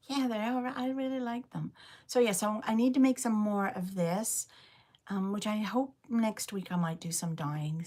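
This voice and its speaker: A woman with a low, gravelly voice hosts a relaxed livestream from home, recorded on a phone. She chats on loosely and rambles with many ums while showing off her knitting.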